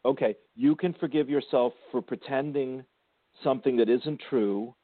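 A man's voice: mid-range voice, moderate pace, no room sound. A man hosting a spiritual radio show, counseling a caller in a soothing, affectionate way. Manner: soothing, affectionate, calls caller sweetie and darling. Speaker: spiritual intuitive radio host. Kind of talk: gentle spiritual counseling chat. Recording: tinny phone-line sound.

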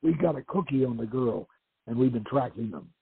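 Man playing a stern military officer, curt and low, husky tone, tinny phone-like line. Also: expressive, brisk, dry recording, heavily acted. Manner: curt, low-voiced commands.

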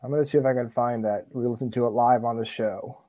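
Mellow-voiced man chatting on a dry mic. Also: medium pitch, steady tone, quick pace, no room sound. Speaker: podcast co-host. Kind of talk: casual chat.

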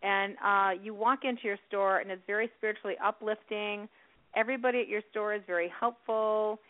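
A woman's voice: mid-range voice, fairly even intonation, fairly quick. Chatty woman host on a phone line. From Illinois. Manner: warm, chatty, encouraging. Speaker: radio show host. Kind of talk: casual interview chat. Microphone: phone call.

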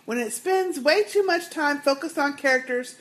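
A woman's voice: high voice, moderate pace. A woman co-hosting a casual podcast, chatting and laughing as she reads listener emails aloud. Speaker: podcast co-host.

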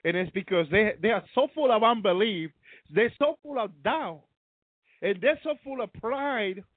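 A man's voice: high-pitched, moderate pace, no echo, narrow, tinny audio. A man preaching a sermon with fervor, often breaking into hallelujahs. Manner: fervent, peppered with hallelujahs.

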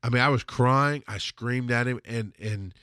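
A man of ordinary pitch telling a personal story, open and emotional, with frequent swearing. His delivery jumps between sudden loud bursts and hushed, low passages. The recording is dry, with no room sound. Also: moderate pace, no echo. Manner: emotional, profane, swings from loud outbursts to quiet lows. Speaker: podcast host telling personal stories. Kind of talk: confessional storytelling.

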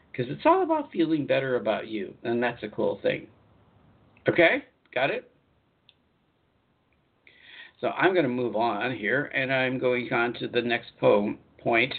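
Gravelly man on a phone-like line. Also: medium pitch. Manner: chatty, repetitive, lively emphasis, chuckles. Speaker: spiritual life coach. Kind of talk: live online talk show.

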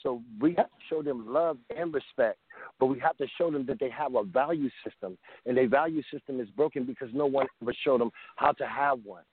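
A man's voice: medium pitch, a little fast, husky, no echo. Emotional man on a tinny phone line. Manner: fervent, preacher-like, emotional. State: choked up. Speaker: caller. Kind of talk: impassioned call-in testimony.

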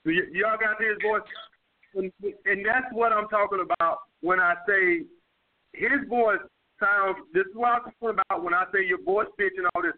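A man's voice: high voice, fairly even intonation, normal speed. A man with a New York accent hosting a call-in dating advice show, blunt and profane, repeating his points. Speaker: dating coach host. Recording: phone-line call-in audio.

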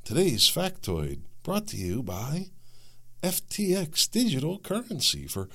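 A man mimicking a slow, measured radio announcer. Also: on the high side, huge pitch swings, vocal fry, sharp tone, pitched above the performer's own voice, heavily acted. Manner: slow, measured sponsor-read delivery. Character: calm, smooth male public radio announcer.

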